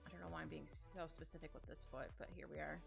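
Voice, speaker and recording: A woman livestreams from home, chatting casually as she draws, rambling and giggling through her stories. Her voice is low with fairly even intonation, a quick pace, and some vocal fry. Soft music plays in the background.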